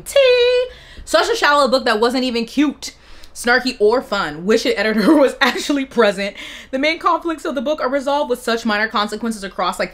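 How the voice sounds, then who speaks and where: Sarcastic young woman book vlogger. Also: medium pitch. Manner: sarcastic, animated, laughs between lines. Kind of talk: casual reaction commentary.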